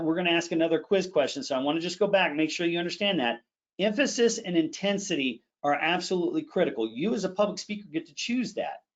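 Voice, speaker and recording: A middle-aged man leads a live online public speaking class, demonstrating phrases with sudden jumps in pitch and pace. His voice sits a little high for a man. The audio is dull and lo-fi, like a video call. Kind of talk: live online training session.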